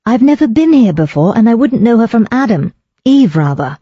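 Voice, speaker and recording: A narrator voicing a spirited young aristocratic woman writer who speaks briskly and a little tartly. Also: medium pitch, sing-song, dark tone, no room sound, highs cut off, voice pushed up. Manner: brisk, crisp, a little tart.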